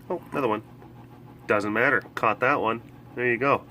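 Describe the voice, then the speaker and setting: A man strolls outdoors at an animal compound, filming a casual vlog on a camera mic with a windscreen. He coos softly to the big cats in a mid-pitched voice. Faint outdoor noise sits behind him. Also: normal speed, pauses often. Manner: soft baby talk to big cats. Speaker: animal keeper vlogger.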